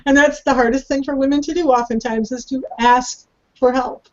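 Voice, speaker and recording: A woman's voice: high-pitched, fairly even intonation, moderate pace, highs cut off. A woman candidly sharing her spiritual questions and thoughts in an earnest, searching way. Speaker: circle participant.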